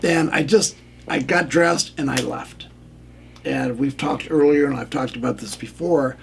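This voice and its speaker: Older man, radio guest, gravelly, plainspoken storyteller. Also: mid-range voice, measured pace, slight background noise. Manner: plainspoken, acts out quoted lines. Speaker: guest, former referee. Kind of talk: candid storytelling.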